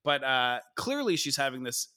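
Bright-voiced frank middle-aged man. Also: medium pitch, very animated. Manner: frank and profane, quick asides. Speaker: podcast co-host. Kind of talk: casual chat.

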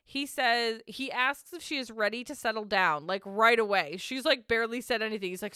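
Bright-voiced, chatty woman co-host. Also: fairly high pitch, brisk, few pauses, clean tone, no echo, clean studio sound. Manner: chatty, laughs often, blunt. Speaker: podcast co-host. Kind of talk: casual recap chat.

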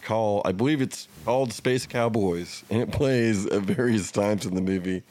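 A podcast co-host with a fairly low voice talks movies in a loose, enthusiastic ramble. He swears freely and keeps looping back on himself. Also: normal speed, darkish tone, no room sound. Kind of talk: casual chat.

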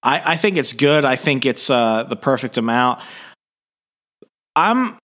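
A man's voice: mid-range voice, lively intonation, a little slow, fairly bright tone. A man co-hosting a podcast, discussing a comic book in a thoughtful, hesitant way with many restarts. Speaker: podcast co-host.

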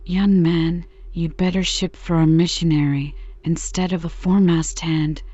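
Gruff hearty elderly sea captain , read by a woman; low, mellow. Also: level tone, measured pace, dry recording, dull audio. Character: gruff loud old sea captain man.

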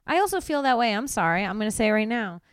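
A young woman co-hosts a casual podcast chat, spinning animated stories full of swearing. Her voice leaps around in pitch as she imitates the people in her stories. The sound is close and dry. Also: quick pace, clean tone, no echo. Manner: animated storyteller, swears freely, acts out voices. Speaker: podcast co-host.

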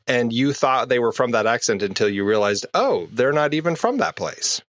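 A man's voice: mid-range voice, very animated, normal speed, hardly any pauses, fairly bright tone, no echo, studio quality. A man co-hosting a film podcast, chatty and curious, asking his co-hosts questions with a laugh. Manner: chatty, lots of fillers and laughs, asks questions. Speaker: podcast co-host. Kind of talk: casual chat.

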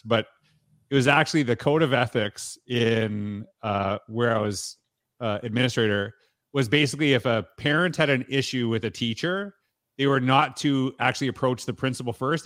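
A man's voice: medium pitch, fairly bright tone, no echo. Man, podcast host, rambling, hedging, restarts, dry sound. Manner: rambling, full of hedges and restarts. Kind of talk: conversational interview.

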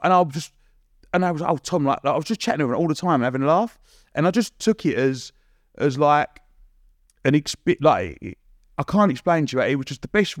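A man telling a lively story as a podcast guest, full of restarts and acted-out quotes. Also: medium pitch, no echo, studio quality. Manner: rapid, animated, lots of restarts and acted-out quotes. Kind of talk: casual storytelling.

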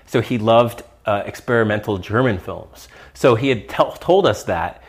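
A man's voice: lowish voice, moderate pace, breathy edge. A man telling an old story in casual chat, laid-back and laughing along.

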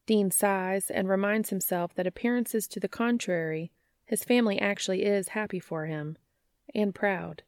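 A woman narrating a story aloud in a wry, even reading voice, close to the mic. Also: mid-range voice, normal speed, no echo. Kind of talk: fan fiction audiobook reading.

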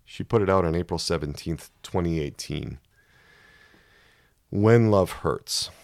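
A man giving a sermon-style Bible teaching, emphatic and measured, reading scripture and explaining it. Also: deep voice, creaky, darkish tone, no room sound. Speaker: Christian teacher.

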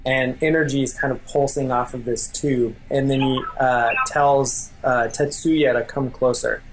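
Brief: man game master, mid pitch, casual and rambling, loose fillers, narrating a role-play scene. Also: fairly even intonation, unhurried, background noise.

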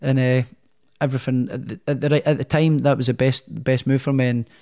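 A young professional boxer, appearing as a guest, chats loosely about his career in a casual storytelling interview. He's an animated, rambling talker who keeps restarting his stories, speaking a little fast at a middle pitch for a man.

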